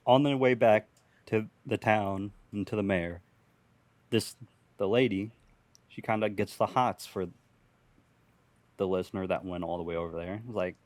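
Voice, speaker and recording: A young man spins a loose, profane improvised tale for a podcast, chuckling at his own jokes as he goes. His voice sits on the low side. The sound is dry and close to the mic. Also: a little slow, long pauses, no echo. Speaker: podcast host telling an improvised story. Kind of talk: casual improvised storytelling.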